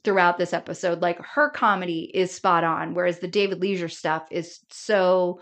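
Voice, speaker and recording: A woman co-hosting a TV podcast in casual chat, animated and laughing often as she retells scenes. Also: fairly low pitch, normal speed. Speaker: podcast co-host.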